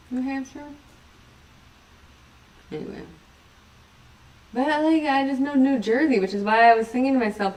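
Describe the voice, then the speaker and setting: A woman's voice: on the high side, darkish tone, distant mic, slight background noise. Giggly rambling woman, set back from mic. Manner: giggly, rambling, self-mocking. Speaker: livestream host. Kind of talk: casual livestream chat.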